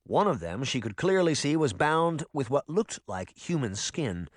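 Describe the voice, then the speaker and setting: A man narrating a children's fantasy audiobook with an expressive, lively reading on a close studio mic. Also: mid-range voice, measured pace, dry recording. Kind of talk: scripted storybook narration.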